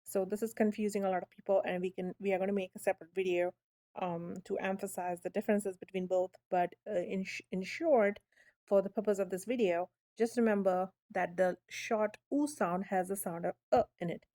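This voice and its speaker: A woman's voice: mid-range voice, fairly even intonation, warm tone. A woman teaching a phonics lesson, sounding out letters patiently and checking in with "okay?". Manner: drawn-out demonstration sounds, frequent "okay?" checks.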